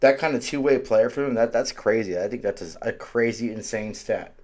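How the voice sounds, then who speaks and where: A man's voice: mid-range voice, a little fast, darkish tone. A man co-hosting a sports podcast, enthusing about stats and repeating himself in casual talk. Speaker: podcast co-host.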